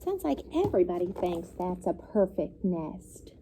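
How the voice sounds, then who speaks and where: Teacher lady reading a kids' story, slow, soft warm voice, lots of ups and downs. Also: lowish voice, a little hiss or hum. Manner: expressive, pausing to comment and explain. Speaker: elementary school teacher. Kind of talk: children's read-aloud.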